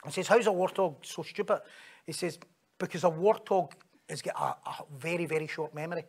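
A man's voice: on the high side, a little fast, husky. A man with a Scottish accent preaching a sermon, telling stories, joking and acting out the voices of the people he quotes.

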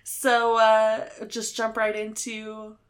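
A woman's voice: fairly high pitch, monotone, slow. A young woman co-hosting a book podcast, chatting casually, filling her talk with "like" and laughing often. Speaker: podcast co-host. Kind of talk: casual chat.

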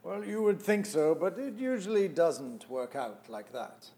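A man's voice: a little high, expressive, unhurried, mellow. A man playing a seasoned, weary actor in a comedic audio play, hesitant but reassuring.

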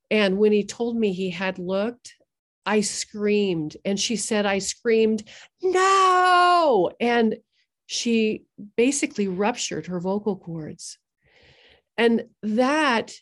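A woman guest on a podcast, telling a story in an earnest, measured way with pauses. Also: mid-range voice, darkish tone. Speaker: guest therapist. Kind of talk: podcast interview.

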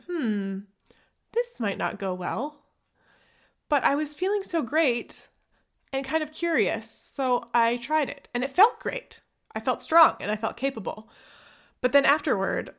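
A woman at a medium pitch talks into a podcast microphone in a candid, reflective monologue. She laughs at herself now and then and slips between hushed, near-whispered asides and brighter bursts. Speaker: podcast host, physical therapist.

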